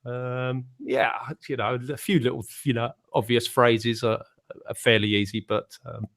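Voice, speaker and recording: A man's voice: mid-range voice, level tone, measured pace, fairly bright tone. Chatty man in his forties. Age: 40s. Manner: chatty, rambling with many fillers. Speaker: panel guest. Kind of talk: casual chat.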